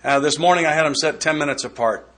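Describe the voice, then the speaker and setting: A man's voice: on the high side, fast, a bit bright. A man giving a recovery step study talk, folksy and joking in a conversational way. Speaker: workshop speaker.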